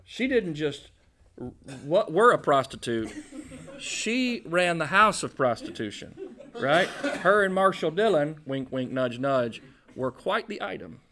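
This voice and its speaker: A man preaching a casual, jokey storytelling sermon in a conversational, animated way. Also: a little high, takes it slowly. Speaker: pastor.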